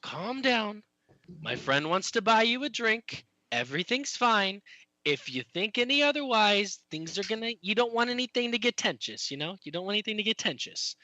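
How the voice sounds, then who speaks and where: A brash, tiny halfling speaking up to a towering orc, with a bright, sharp voice, put on by a man. The tone is high and cocky, at a dry, close mic. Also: very animated, moderate pace, dry recording, dull audio, heavily acted. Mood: soothing.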